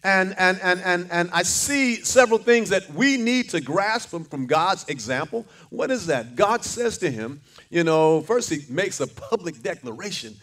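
A man's voice: sits high, expressive, moderate pace, hardly any pauses, fairly bright tone. An older man preaching a sermon, fervent, with call-and-response lines and repeated words. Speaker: pastor.

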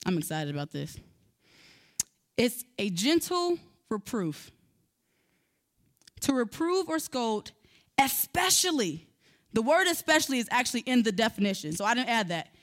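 A woman's voice: fairly high pitch, a little slow, long pauses. A woman, giving a sermon-style talk and telling a personal story to her listeners. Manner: animated storyteller, addresses listeners directly. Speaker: speaker teaching on parenting.

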